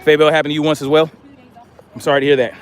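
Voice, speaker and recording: A man's voice: fairly high pitch, little pitch movement, rapid-fire, some chatter behind. A man hosting a livestream, reading viewer comments aloud and answering them in casual chat. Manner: reads viewer comments aloud and responds conversationally.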